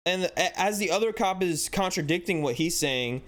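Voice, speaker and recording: A man hosting a sports channel, giving casual, animated commentary with exasperated rhetorical questions and lots of "like". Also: sits high, moderate pace. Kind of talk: casual commentary breaking down footage.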